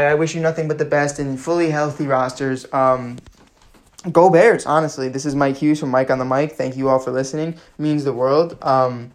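A young man around twenty hosting his own sports podcast, rambling and ranting with many fillers and restarts. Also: a little high. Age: about 20. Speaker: podcast host. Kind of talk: solo sports podcast commentary.

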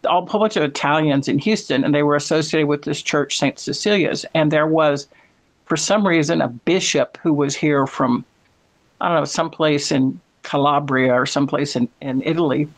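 A man's voice: on the high side, moderate pace. An American man chatting casually, telling rambling stories and correcting himself as he goes. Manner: rambling, storytelling, with self-corrections. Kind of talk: casual chat.

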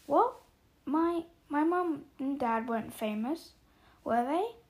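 A woman's voice: sits high, expressive, slow pace. A woman voicing a polite, puzzled young boy who speaks hesitantly. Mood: unsure.

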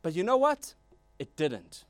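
High-voiced animated preacher man. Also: unhurried, dry recording. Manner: animated, storytelling with asides and jokes. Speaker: pastor. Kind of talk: sermon.

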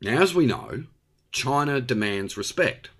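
Blunt Australian male host, opinionated monologue, very lively pitch. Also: a little slow, husky. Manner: blunt and ranting, with frequent tag questions.

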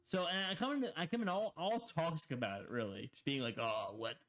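A man's voice: fairly high pitch, big pitch swings, fast talker, a bit bright. A young man co-hosting a casual podcast, telling a story in a rambling way with many repeated words and laughs. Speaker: podcast co-host.

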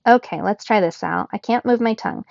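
A woman's voice: medium pitch, fairly quick, creaky, a little mellow, dry recording, dull audio, natural voice. A woman reading aloud, voicing a polite, formal humanoid robot woman who speaks in precise phrases. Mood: earnest. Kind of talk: read-aloud storybook.

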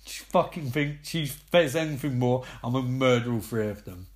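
A man putting on a low, slow menacing mutter for a threatening killer. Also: close to an everyday voice.

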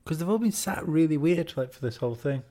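Co-host, low voice, lively pitch, playful and jokey, casual podcast banter. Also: fast. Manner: playful, jokey, puts on silly voices in quoted lines. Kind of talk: casual watch-along chat.

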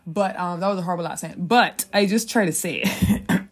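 A woman's voice: fairly low pitch, moderate pace, breathy edge. A woman in her twenties with a Caribbean English accent, hosting a solo podcast in a chatty, rambling way, swearing freely and laughing often. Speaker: podcast host. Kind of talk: casual solo podcast monologue.

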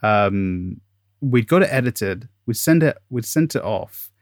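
A man co-hosting a podcast in casual chat, speaking haltingly with many pauses. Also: lowish voice, animated, dry recording, clean studio sound. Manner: halting, full of fillers and restarts. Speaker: podcast co-host.

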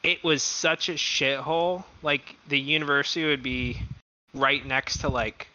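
A young man co-hosting a podcast, telling stories in an animated, profane, casual way. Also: a little high, unhurried. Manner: animated storyteller, heavy swearing. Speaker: podcast co-host. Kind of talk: casual chat. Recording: dull lo-fi sound.

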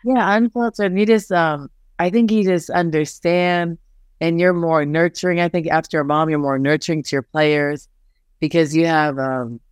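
A woman's voice: low voice, normal speed, clean tone, no echo, clean studio sound. A middle-aged woman, a basketball head coach, talking candidly in an interview, telling stories animatedly with lots of "like" and acted-out quotes. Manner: animated storytelling, frequent "like" fillers, acts out quotes.

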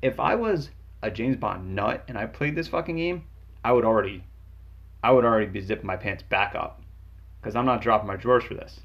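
Brief: gravelly male game reviewer, angry sarcastic comedic rant, muffled lo-fi recording. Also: a little fast. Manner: angry, profane, sarcastic, jumps pitch for emphasis. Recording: dull lo-fi sound.

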